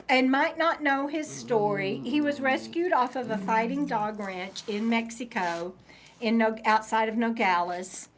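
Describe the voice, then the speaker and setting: Chatty woman with a higher voice. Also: slight background noise. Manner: rambling, chatty, talks to her dog mid-sentence. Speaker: vlogger reading live chat. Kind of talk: casual live-stream chat.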